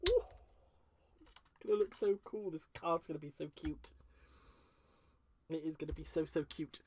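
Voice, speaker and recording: A man's voice: fairly high pitch, a little slow, slightly rough. A man hosting a crafting livestream from his home craft space, chatting casually and gushing as he answers viewer comments. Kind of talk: casual live-stream chat while crafting.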